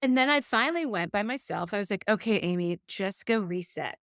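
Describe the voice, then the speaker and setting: Her medium-pitched voice fairly quick, a woman on a podcast shares a personal story in easygoing conversation and animatedly plays back her past quotes. The recording is dry and studio quality.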